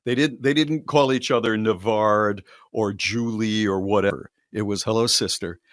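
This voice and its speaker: Low-voiced older man, dry studio mic. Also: normal speed, no room sound. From Connecticut. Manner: relaxed, rambling recollection. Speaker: radio show host. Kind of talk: casual chat.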